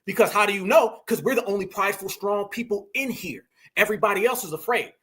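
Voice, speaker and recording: A very high-pitched man with a sharp, forceful tone hosts a reaction commentary. He talks in loud, mocking slang and often breaks into shouts as he tears into a clip. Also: fast. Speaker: commentary host reacting to clips.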